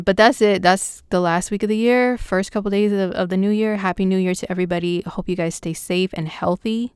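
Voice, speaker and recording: Chatty woman astrologer, crisp dry voice. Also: medium pitch, dry recording. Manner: chatty, excitable, slangy. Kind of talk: casual horoscope vlog.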